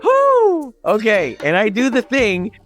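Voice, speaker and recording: A man in his fifties telling a comic personal story, animated and profane, acting out the people in it. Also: high-pitched, moderate pace, faint music behind. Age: 50s. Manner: animated, profane, acts out quoted voices. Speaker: storyteller guest.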